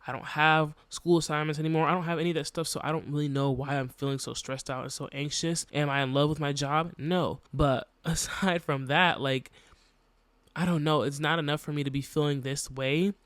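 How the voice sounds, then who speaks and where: A man's voice: on the high side, fairly even intonation, fairly quick, a bit bright, dry recording. A young man hosting a podcast, talking candidly and reflectively about his own experiences, with a casual, filler-heavy delivery. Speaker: podcast host. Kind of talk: personal podcast monologue.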